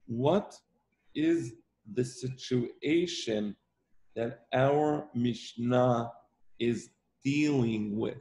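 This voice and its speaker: A man's voice: medium pitch, extremely slow, gravelly, darkish tone, a little hiss or hum. A man teaching an online Talmud class, emphatic and repetitive, often checking in with "right?". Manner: emphatic, repeats himself, stresses points with "right?".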